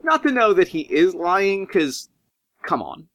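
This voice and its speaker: Brief: man, tabletop game master, fairly high and bright voice, dry close sound, animated narration. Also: a little slow. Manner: animated, swings pitch when describing.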